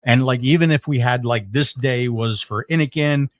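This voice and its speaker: A middle-aged podcast guest with a medium-pitched voice, speaking at normal speed with no echo, tells a story in casual conversation. He's animated, full of fillers and restarts.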